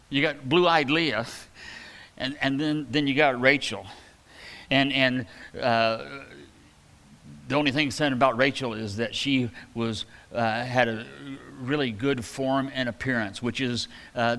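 Folksy, bright-voiced man preaching. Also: medium pitch, in a large hall. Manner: folksy, rambling with many fillers and restarts; reads scripture aloud with emphasis. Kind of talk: conversational sermon.

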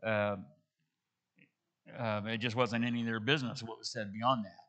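A man's voice: on the low side, little pitch movement, moderate pace, a bit bright. A man preaching a sermon, reading scripture and retelling it in casual everyday dialogue, with frequent restarts. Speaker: pastor. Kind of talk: sermon, expository Bible teaching.

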